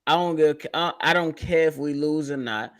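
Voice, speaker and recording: A man's voice: fairly high pitch, brisk. A man co-hosting a sports podcast, throwing out blunt, profane one-liners. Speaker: podcast co-host. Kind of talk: casual sports podcast banter.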